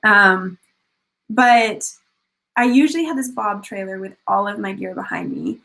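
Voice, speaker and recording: Young woman from Canada, casual storyteller, chatty with lots of fillers, gravelly fry in a mid-pitched voice. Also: a little slow, poor audio. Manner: animated, chatty, many fillers and restarts. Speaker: speaker sharing a personal journey. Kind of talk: casual storytelling over photos.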